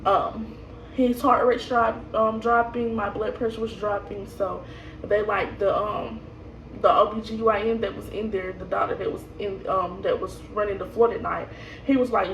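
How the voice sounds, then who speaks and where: Recorded from a distance in an echoey room with slight background noise, a young woman rambles through her birth story, laughing often and full of fillers and restarts. She speaks at a medium pitch and moderate pace, with fairly even intonation and vocal fry.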